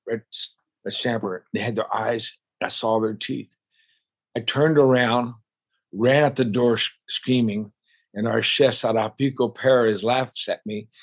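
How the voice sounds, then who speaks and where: An older man, a guest on a podcast, telling stories about his family business in a warm, reflective way. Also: lowish voice, slightly rough. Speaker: guest, family restaurant owner. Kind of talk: casual interview storytelling.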